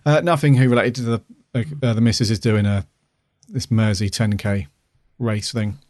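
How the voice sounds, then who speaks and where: A man's voice: lowish voice, fairly even intonation, moderate pace, darkish tone, dry recording. Chatty man, dry close sound. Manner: rambling, many fillers and restarts. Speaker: podcast co-host. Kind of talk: casual chat.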